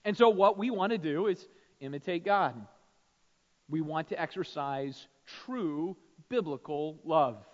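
A man's voice: a little high, animated, a little slow. A man preaching a sermon to his church, speaking conversationally and often checking in with "right?". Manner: conversational, frequent "right?" tag questions. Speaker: pastor. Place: church sanctuary. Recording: long hall reverb, dull lo-fi sound.

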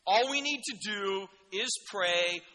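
A man's voice: high-pitched, animated, slow pace, bright, forceful tone, long reverb tail, heavily acted. A man acting out a self-absorbed male prophet, voiced in a whiny, self-pitying way. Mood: breezy.

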